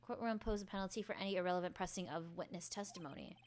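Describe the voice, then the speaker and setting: A woman's voice: on the low side, racing, a little hiss or hum, lightly acted. A woman voicing a flustered elderly male judge who speaks formally and nervously. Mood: stern. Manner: fussy, timid, formal.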